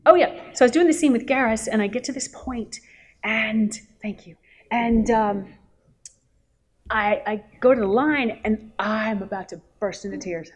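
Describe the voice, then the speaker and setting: Lively woman telling stories on a panel. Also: a little high, normal speed. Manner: lively, acts out quotes and laughs often. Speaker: voice actress on a convention panel. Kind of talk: animated storytelling on a panel. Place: convention hall.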